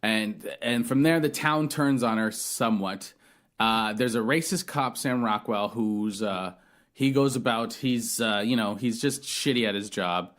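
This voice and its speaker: A man's voice: lowish voice, unhurried, a bit bright. A man hosting a podcast, reviewing a film in casual chat, rambling and swearing with many restarts. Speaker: podcast host.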